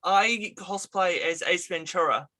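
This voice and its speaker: A man's voice: high-pitched, measured pace, pushed and bright. A man hosting a casual interview show, chatting in an upbeat, encouraging way and drawing out his phrases. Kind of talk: casual video interview chat.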